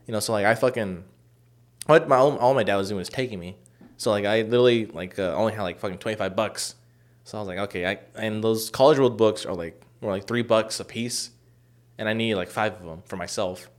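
A young man in casual chat, telling a long story with many fillers and profanity, acting out quoted lines loudly. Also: lowish voice, brisk.

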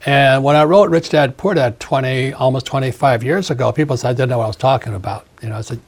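Husky older guy ranting hard in an interview, says things twice. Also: a little high. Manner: emphatic, ranting, repeats phrases. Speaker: author and interview guest. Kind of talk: opinionated interview talk.

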